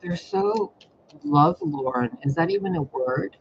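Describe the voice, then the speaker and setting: A man with a fairly high, gravelly voice gives tarot readings a little slowly, rambling through a casual monologue that's profane, blunt and expressive. The dull recording has a little hiss or hum.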